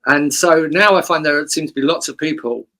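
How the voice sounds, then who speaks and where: A man's voice: on the high side, moderate pace, bright, forceful tone. A man hosting a podcast, chatting casually, swearing and doing impressions of people he knows. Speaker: podcast host. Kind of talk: casual conversation.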